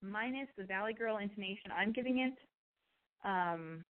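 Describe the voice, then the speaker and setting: A woman's voice: mid-range voice, moderate pace. An American woman hosting an advice podcast, chatty and blunt, swearing freely and acting out bits of dialogue. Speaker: podcast host giving advice. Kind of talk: casual advice chat. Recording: tinny phone-like audio.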